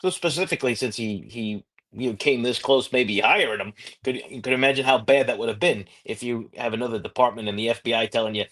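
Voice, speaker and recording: A man's voice: mid-range voice, quick pace, a bit bright. Plain-spoken former detective, a man. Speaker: former homicide investigator, podcast host. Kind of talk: casual podcast discussion.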